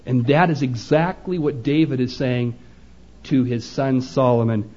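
A man's voice: mid-range voice, fairly even intonation, a little slow, warm tone. A man preaching a sermon, telling a story in quoted dialogue and pressing his points with emphasis. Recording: dull lo-fi recording.

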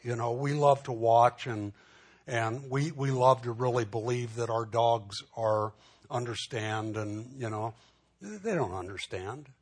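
A pastor giving a sermon, teaching in a conversational way with asides and restarts, growing animated when telling a personal story. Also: male voice, mid-range voice, unhurried, husky.

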